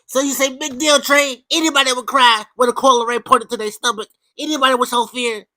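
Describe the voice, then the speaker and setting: A woman's voice: on the high side, fairly even intonation, fast, sharp tone, no echo. A woman hosting an opinionated commentary video, talking with sarcasm and sudden emphatic outbursts. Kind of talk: opinionated commentary over clips.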